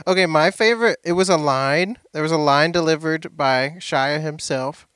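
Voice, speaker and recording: A man's voice: a little high, moderate pace, fairly bright tone, clear, resonant tone, no echo, clean studio sound. A man co-hosting a casual movie review podcast, giggling often as he tells his story. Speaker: podcast co-host.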